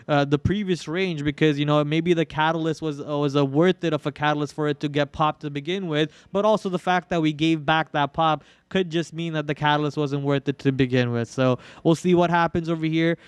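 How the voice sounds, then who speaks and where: A man's voice: fairly high pitch, fairly even intonation, brisk, few pauses, clear, resonant tone, no echo. A young man hosting a live trading stream in casual commentary, joking and melodramatically whining about his losses. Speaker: trading livestream host.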